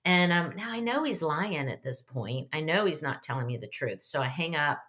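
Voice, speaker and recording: A woman in her fifties with a notably low voice recounts a story as an interview guest. She talks in an earnest, chatty way, stopping often for fillers and small restarts. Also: lively intonation, normal speed, fairly bright tone. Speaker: author and guest.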